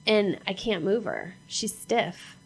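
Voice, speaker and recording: A middle-aged woman telling a personal story in a halting way, repeating herself and acting out what people said. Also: mid-range voice, big pitch swings, creaky, a little mellow, husky, low-quality recording. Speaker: mother sharing her story.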